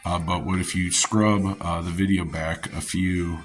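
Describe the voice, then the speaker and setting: Low-voiced man rambling through a story. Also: level tone, a little slow. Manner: meandering, chuckling, many restarts and fillers. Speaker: vlogger.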